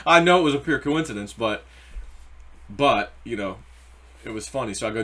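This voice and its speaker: Bright-voiced rambling middle-aged man. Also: on the low side, moderate pace, long pauses, slightly rough. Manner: rambling, anecdotal, spiritual asides. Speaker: crypto YouTuber. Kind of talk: casual market commentary.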